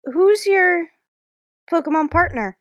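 A woman playing a tabletop game, chiming in with quick interjections. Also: very high voice, animated. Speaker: player. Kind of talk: casual chat in a tabletop game.

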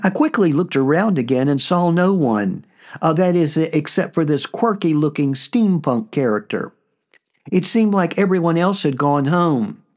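A man hosting a podcast, narrating a personal story in a relaxed way with frequent fillers. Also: on the high side, a little slow. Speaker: podcast host.

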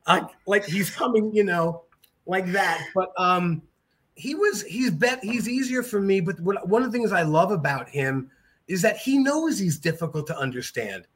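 Middle-aged male guest with a high voice, lively, joking anecdotes. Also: normal speed, breathy edge. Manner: animated, jokey, mimics voices. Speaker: podcast guest, jiu-jitsu black belt. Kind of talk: casual storytelling.

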